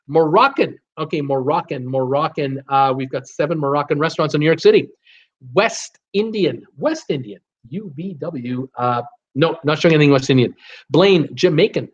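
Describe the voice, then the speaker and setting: A man hosting a casual live stream, chatting to viewers, repeating words and filling pauses with "uh" while he searches. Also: on the high side, muffled recording. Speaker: livestream host.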